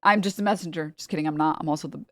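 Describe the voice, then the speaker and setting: Chatty low-voiced woman streamer. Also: rapid-fire, a bit bright, no room sound. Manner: chatty, joking, laughs often. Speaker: streamer reacting to a clip. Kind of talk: casual reaction commentary.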